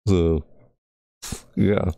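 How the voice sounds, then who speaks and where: Young guy streaming, low gravelly voice, rambles on nonstop into a close mic. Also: steady tone, extremely slow, dark tone, no echo. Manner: talkative, rambling, repeats himself. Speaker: live streamer. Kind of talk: casual rambling stream chat. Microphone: close desk microphone.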